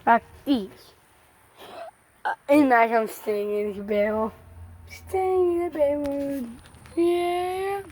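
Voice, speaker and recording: Young woman vlogger, high voice, slow talker, excitable, shouts at passing trucks. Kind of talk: excited roadside commentary. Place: roadside outdoors by traffic.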